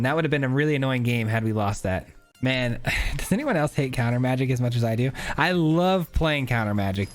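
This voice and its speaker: A man giving casual, chatty commentary on his own gameplay, thinking aloud with many filler words. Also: mid-range voice. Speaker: gaming YouTuber.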